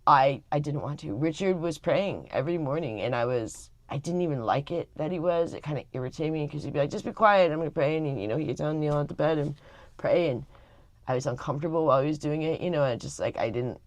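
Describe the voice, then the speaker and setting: A woman's voice: low-pitched, quick pace, darkish tone, dry recording. A middle-aged woman vlogging casually to camera, rambling with many fillers and restarts. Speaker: family vlogger.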